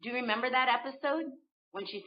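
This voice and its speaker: A voice actress in her forties, chatting in an interview, animated and laughing, often restarting her sentences as she searches for words. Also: a little high, quick pace. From United States. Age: 40s. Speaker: voice actress guest. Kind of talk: casual interview chat. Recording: dull lo-fi sound.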